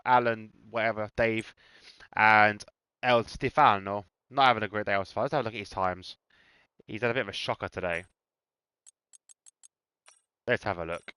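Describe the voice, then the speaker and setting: A man's voice: on the low side, pushed and bright, clean tone, dry recording. A man in a put-on Irish accent, giving casual, sweary, teasing commentary on a sim racing league. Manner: banter-heavy, sweary, teasing drivers.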